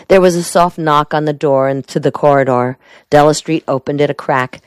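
A woman reads a crime novel aloud in a measured way. Her voice sits low, and the recording is dry and close. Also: clean tone, no echo. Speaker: audiobook narrator. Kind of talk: scripted narration.

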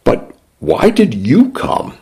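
A man's voice: a little high, huge pitch swings, slow, vocal fry, warm tone, husky, pitched above the performer's own voice, full character voice. A man voicing a grave, curious eight-year-old girl who asks blunt questions in a storybook reading.

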